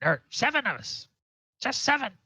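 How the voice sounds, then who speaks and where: A man voicing a frightened small goblin prisoner who talks in halting, broken phrases. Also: very high voice, very animated, sharp tone, slightly rough, dry recording, voice pushed up, full character voice. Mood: nervous.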